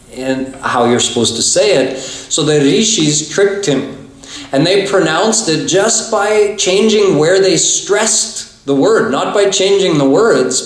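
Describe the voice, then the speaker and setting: A man giving a religious lecture as a spiritual teacher, explaining patiently and telling stories, often restarting his sentences. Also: fairly high pitch. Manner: explanatory, storytelling, with many restarts. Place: temple hall. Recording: very echoey temple hall.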